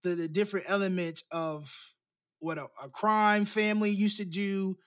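A man in casual conversation about a film, lively and laughing often, jumping into acted-out lines. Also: moderate pace. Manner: animated, acts out quotes with big pitch jumps, laughs often.

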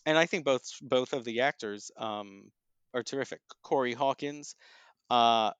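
A man reviewing plays and films in a casual chat, thoughtful and often pausing with ums and restarts. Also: medium pitch, fairly bright tone, clear, resonant tone, dry recording, lo-fi sound. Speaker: theater and film critic.

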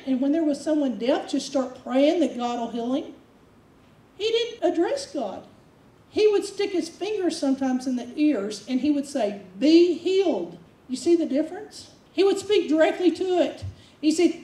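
A woman preaching a sermon, telling stories and acting out quoted lines with energy. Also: sits high. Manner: storytelling, animated quoting. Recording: echoey room, from far off.

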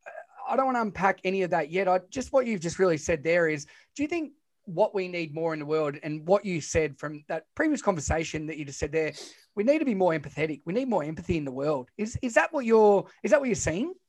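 A man with a fairly high voice hosts a podcast. He talks casually and enthusiastically, in an informal, friendly way. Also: sing-song, quick pace. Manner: enthusiastic, informal, says "mate". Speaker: podcast host. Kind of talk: casual interview chat.

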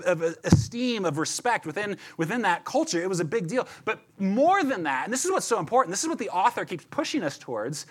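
A male pastor preaching in a loose, chatty way, tossing in "right?" and "like" as he goes. His voice sits a little high and moves around a lot, lively and expressive. He restarts phrases often and keeps the tone conversational. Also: husky. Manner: animated, chatty, repeats words and asks "right?". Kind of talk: conversational sermon.

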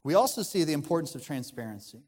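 A man's voice: on the high side, sing-song, fast, darkish tone, slightly rough, big-room sound. A man, a pastor, preaching a conversational sermon in an earnest tone, often restarting his sentences.

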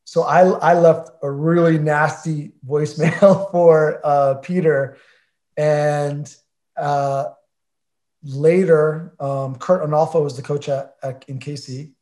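A man's voice: a little high, fairly even intonation, slow, a little mellow. A man in his forties, an interview guest, telling a story in a chatty way with many fillers and acted-out conversations. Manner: chatty, filler-heavy, acts out quoted conversations. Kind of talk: casual anecdotal storytelling.

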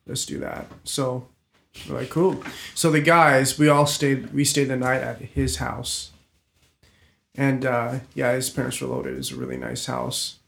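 A man's voice: mid-range voice, flat delivery, unhurried, creaky, a bit bright. A man telling a rambling, swear-laced story in a casual chat with friends, full of restarts. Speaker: storyteller on a group podcast. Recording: roomy echo.

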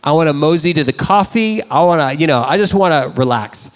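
A man's voice: fairly high pitch, lively intonation, fairly quick. A man in his thirties, a pastor, preaching a sermon in a conversational, self-deprecating storytelling way. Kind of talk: sermon with personal stories.

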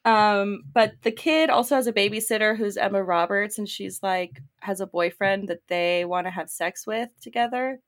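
A woman co-hosting a casual podcast, retelling movie scenes and acting out the characters' lines in quick quoted bits. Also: mid-range voice. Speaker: podcast co-host. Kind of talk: casual chat.

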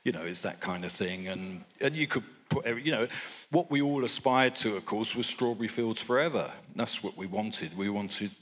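Rambling older English man, low voice. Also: normal speed, a bit bright. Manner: rambling, anecdotal, chuckling. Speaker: record producer. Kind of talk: live interview storytelling.

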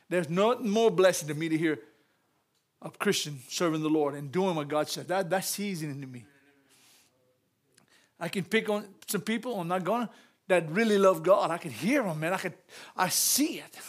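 A man giving a lively church message, telling stories, repeating phrases and laughing often. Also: sits high, normal speed, pauses often. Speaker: church speaker.

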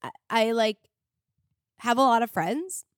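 A woman's voice: on the high side, lively intonation, unhurried, clear, resonant tone, dry recording, studio quality. A young woman hosting a podcast, telling a personal story in a rambling, filler-heavy way, emotional and at times tearful. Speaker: podcast host. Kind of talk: casual confessional monologue.

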